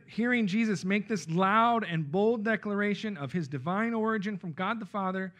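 A man preaching an expository Bible sermon, emphatic and checking in with his listeners with frequent okay and right. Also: high-pitched. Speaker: pastor.

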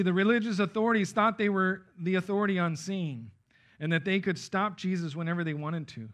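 A male pastor preaching from a passage, his voice sitting high for a man. He talks emphatically and keeps checking in with short tag questions. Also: a bit bright. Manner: emphatic, checks in with frequent "okay?" and "right?". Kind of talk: expository Bible sermon.

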